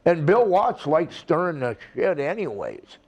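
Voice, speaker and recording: A man's voice: on the high side, big pitch swings, measured pace, a little mellow, muffled recording. An older man, a retired wrestler, telling a rambling, profane story in a casual interview. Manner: rambling, profane, acts out the people in his stories.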